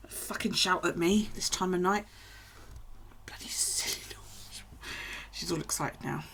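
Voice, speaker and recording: A woman's voice: fairly low pitch, normal speed, a bit bright, a little hiss or hum. A woman, chatting casually and swearing freely while live-streaming from home at night. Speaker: craft streamer.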